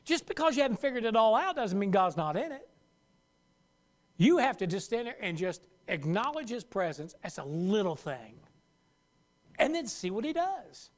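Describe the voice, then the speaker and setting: Man, pastor, sermon, high voice, very animated pitch, conversational. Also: moderate pace. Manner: conversational, acts out worried voices, laughs at own jokes.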